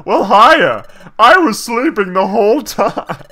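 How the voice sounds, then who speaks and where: A man doing a bubbly high guildmaster creature. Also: sing-song, slow pace, exaggerated voice. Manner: bubbly, sing-song, loud. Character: cheerful childish pink guildmaster creature, male. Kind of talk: voicing game text in a let's play.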